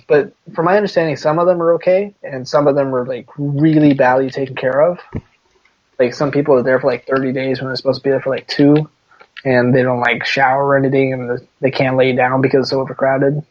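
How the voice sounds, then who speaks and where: A man's voice: mid-range voice, little pitch movement, brisk. A man co-hosting a podcast in casual chat, rambling and laid-back, laughing often. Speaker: podcast co-host. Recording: dull lo-fi podcast audio.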